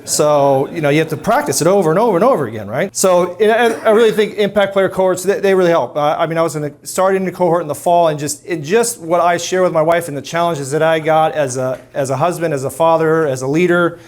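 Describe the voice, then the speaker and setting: A man's voice: fairly high pitch, fast talker, hardly any pauses. A middle-aged man giving a casual, self-deprecating talk to a live audience, stopping often to ask them questions. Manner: conversational, self-deprecating, many restarts and fillers. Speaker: speaker at a men's ministry talk.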